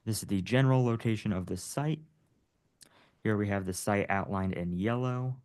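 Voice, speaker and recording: A man's voice: lowish voice, moderate pace, a little mellow. A man, a city staff planner, presenting a zoning case over slides in a matter-of-fact way.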